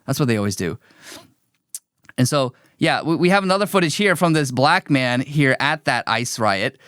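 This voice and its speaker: A man's voice: medium pitch, expressive, normal speed, fairly bright tone, dry recording, studio quality. A man hosting a livestream, commenting on a clip in an emphatic, scornful and repetitive way. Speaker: host.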